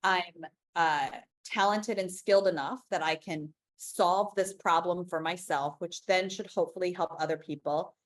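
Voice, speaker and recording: A woman's voice: lowish voice, steady tone, normal speed, few pauses. Frank, emphatic woman in her forties. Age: 40s. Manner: frank and emphatic, restarts often, swears. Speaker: interview guest, business founder. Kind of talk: candid conversational interview.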